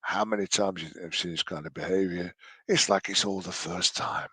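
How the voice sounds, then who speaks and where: A man's voice: low voice, brisk, breathy edge, dry recording. A man giving sarcastic, sweary reaction commentary over a video. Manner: mocking, sweary, deadpan asides.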